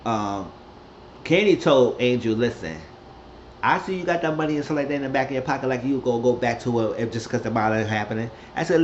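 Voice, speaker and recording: A man recapping a TV episode in a loose, rambling way, jumping into characters' lines with a raised, lively voice. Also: brisk, lo-fi sound, a little hiss or hum. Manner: rambling, acts out quotes with raised pitch. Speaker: recap host.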